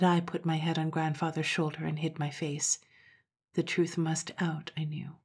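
A woman narrating an old-fashioned story in a soft, hushed, often half-whispered voice. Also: low voice, flat delivery, moderate pace, husky.

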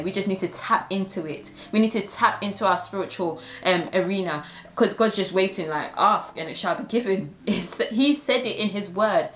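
A woman's voice: medium pitch, roomy sound, a little hiss or hum. A woman and Christian influencer sharing a personal testimony in an earnest, heartfelt way.

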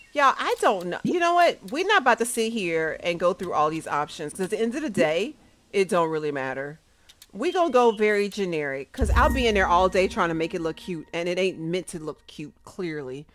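A woman gaming streamer chats directly with her viewers, laughing often as she gives casual commentary on her gameplay. Her medium-pitched voice is slightly bright, though the audio quality is poor.

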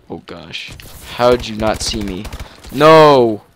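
A man giving casual gameplay commentary, excitable, with sudden shouts and yelps. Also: mid-range voice, takes it slowly, a little hiss or hum. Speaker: gaming commentator.

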